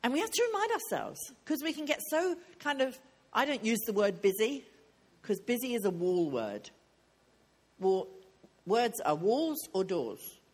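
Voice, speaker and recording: Preaching at a women's retreat, a woman delivers a sermon in a fairly low, darkish voice. She speaks earnestly and conversationally, repeating key lines for emphasis.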